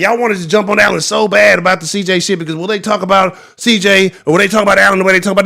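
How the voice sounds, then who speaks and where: A man with a Houston accent hosting a sports talk livestream, ranting angrily with heavy profanity. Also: high voice. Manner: angry, profane, animated ranting. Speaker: sports talk show host.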